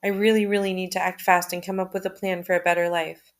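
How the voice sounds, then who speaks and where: A woman reading a personal journal aloud in the first person, at a steady, measured pace with occasional restarts. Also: lowish voice.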